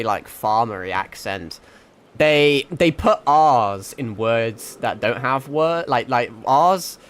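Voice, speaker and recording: A man's voice: medium pitch, fairly bright tone. A young man with a mixed northern English accent, chatting casually to his livestream while gaming, rambling, swearing and laughing often. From England. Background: faint background music.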